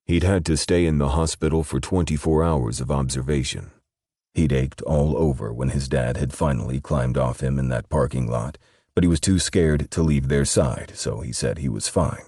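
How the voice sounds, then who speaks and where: Male audiobook narrator, very deep and husky, steady reading. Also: moderate pace, no room sound, clean studio sound. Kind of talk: scripted narration.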